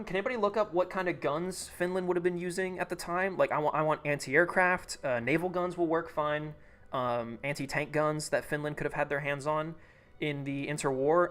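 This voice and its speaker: A man's voice: a little high, fairly bright tone. A young man streaming live, thinking aloud, reading chat and restarting sentences as he goes.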